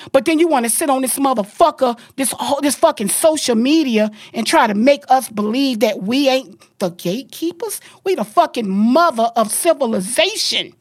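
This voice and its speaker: A woman's voice: high-pitched, no echo, studio quality. A middle-aged woman from Florida, hosting a podcast and ranting angrily with heavy profanity. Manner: angry, profane, emphatic ranting. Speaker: podcast host. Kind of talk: heated podcast rant.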